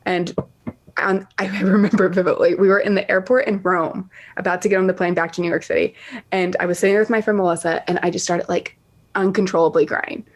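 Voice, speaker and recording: A woman guest on a podcast, telling a story in casual chat, animated and full of fillers. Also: lowish voice, a little fast. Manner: chatty, animated, many "like" fillers.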